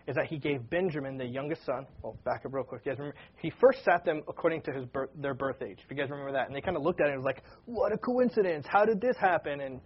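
A man's voice: mid-range voice, racing, few pauses, breathy edge, highs cut off. A man preaching a casual sermon to his congregation, talking conversationally with frequent asides. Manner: conversational, with many fillers and asides. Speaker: pastor.

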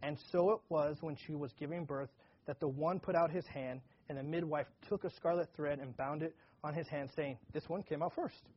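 A man's voice: fairly high pitch, moderate pace, husky. A man teaching from the Bible in a casual, conversational way, now and then acting out the people in the story with energy. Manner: conversational, acts out dialogue animatedly. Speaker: pastor. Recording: dull lo-fi recording.

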